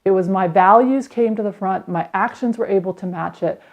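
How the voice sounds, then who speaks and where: A woman in her thirties, a podcast host, reflectively telling a candid personal story about healing. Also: medium pitch. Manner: candid, reflective, with quick acted quotes.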